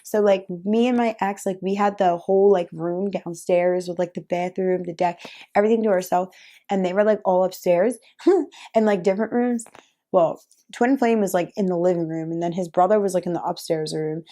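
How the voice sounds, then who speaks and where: Chatty young woman with a mellow voice. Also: fairly low pitch, fairly even intonation, moderate pace. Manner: chatty, lots of "like" fillers, frequent laughs. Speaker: vlogger. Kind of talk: casual storytelling to camera.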